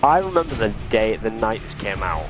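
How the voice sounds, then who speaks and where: A man's voice: on the low side, very animated, a little fast. A young man chatting casually while streaming a video game, rambling with lots of fillers. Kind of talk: casual gaming stream commentary. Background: game music.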